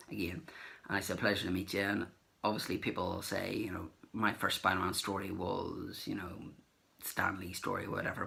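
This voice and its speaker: A man's voice: low-pitched, vocal fry, bright, forceful tone. A man vlogging casually about meeting celebrities at a comic convention, rambling with fillers and acting out the remembered exchanges. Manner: rambling, acts out remembered dialogue. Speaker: collector vlogger. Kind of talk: casual anecdotal recap.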